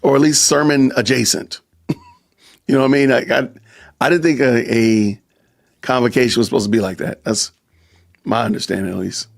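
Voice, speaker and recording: Gravelly-voiced man hosting a live stream. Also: mid-range voice, steady tone, normal speed, long pauses. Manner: chatty, reads viewer super chats aloud, frequent laughs and asides. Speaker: podcast host. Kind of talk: casual live-stream commentary.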